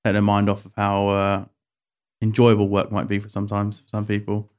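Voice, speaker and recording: A man's voice: on the low side, completely flat delivery, fairly quick, darkish tone. Young man with dry humor. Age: 20s. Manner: dry, self-deprecating humor. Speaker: podcast producer and co-host. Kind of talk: casual chat.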